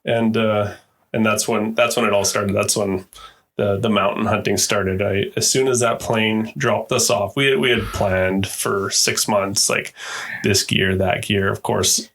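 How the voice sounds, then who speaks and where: A man's voice: lowish voice, steady tone, unhurried, fairly bright tone. A middle-aged man, a podcast guest, telling stories in casual talk and often repeating his words. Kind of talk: casual storytelling.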